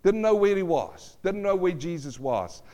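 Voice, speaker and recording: A male pastor preaching a sermon, swinging from loud cries to hushed asides and asking the congregation questions. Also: sits high, big pitch swings, moderate pace. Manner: repeats phrases, asks the congregation questions.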